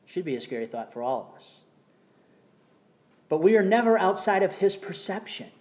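A man preaching a sermon in a church, reading scripture slowly and telling a story between verses, sometimes dropping almost to a whisper. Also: on the high side, a little mellow. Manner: reads scripture slowly, tells jokes, drops to near whisper. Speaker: pastor. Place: church sanctuary.

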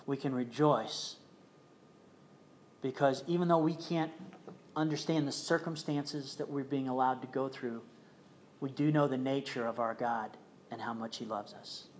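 An older man preaching a sermon in an earnest, compassionate way, sometimes dropping to a soft hush. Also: mid-range voice, fairly even intonation, measured pace, long pauses, a little hiss or hum. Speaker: pastor.

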